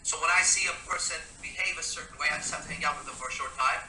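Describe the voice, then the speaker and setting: A man's voice: on the high side, racing, background noise. A man talking in a casual interview as a mentor, blunt and emphatic, with frequent swearing. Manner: blunt, emphatic, profane coaching. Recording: echoey room, voice from a distance.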